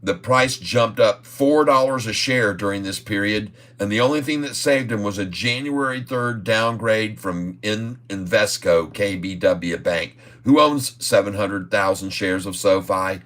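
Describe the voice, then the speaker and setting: A middle-aged man hosts a casual stock-trading livestream, folksy and emphatic as he talks straight to his viewers. His voice sits a little low but comes across bright and forceful, and he chuckles often. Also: measured pace, few pauses. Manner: folksy and emphatic, keeps calling listeners "folks"; chuckles often while talking. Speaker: day-trading livestream host. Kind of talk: casual market commentary livestream.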